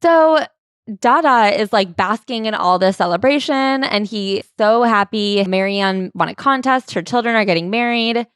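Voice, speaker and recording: A woman's voice: mid-range voice, fairly bright tone, clean tone, dry recording, clean studio sound. Woman co-host summarizing a memoir. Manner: brisk, summarizing, wry. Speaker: podcast co-host. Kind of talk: casual book club chat.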